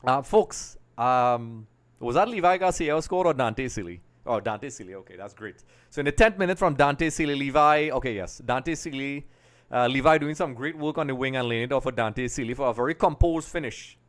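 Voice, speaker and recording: At a moderate pace and medium pitch, a middle-aged man from Trinidad and Tobago hosts a live football watch-along stream. He chats to viewers, greeting them by name, and reacts excitably to goals during the match.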